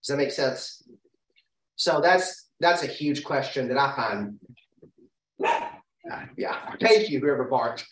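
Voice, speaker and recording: A man leading a group Bible study, animated and thinking aloud with restarts and rhetorical questions, heard from far off in an echoey room. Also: fairly high pitch, normal speed.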